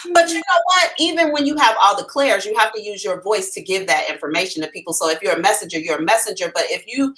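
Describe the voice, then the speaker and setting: A woman hosting a live psychic reading, talking in a blunt, profane and animated way. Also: medium pitch.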